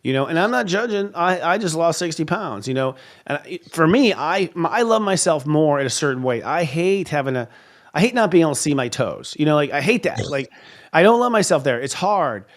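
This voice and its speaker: Male, 50s, talk-show host; candid, emphatic, slightly higher voice. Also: animated, a little fast. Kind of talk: casual spiritual talk show chat.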